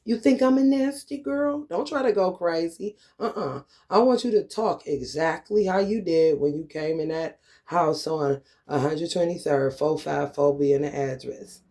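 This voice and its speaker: A man's voice: a little high, normal speed, warm tone. A man vlogging a profane, confrontational rant, swaggering and taunting his targets.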